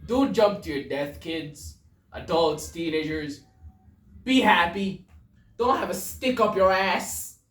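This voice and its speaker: A woman's voice: fairly low pitch, lively intonation, slow pace, recorded from a distance. Crude stammering woman podcaster. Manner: crude, stammering, laughs at own jokes. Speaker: podcast host. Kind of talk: casual joke commentary. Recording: echoey room, voice away from the mic.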